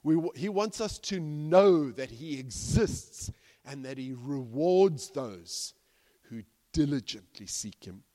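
Man, pastor, sermon, animated, hushed-to-loud swings, long hall reverb. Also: fairly high pitch, takes it slowly.

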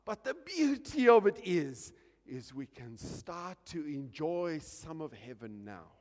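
A man preaching a sermon as pastor, animated, dropping quiet and then shouting, acting out little scenes. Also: a little high, a little slow, big-room sound.

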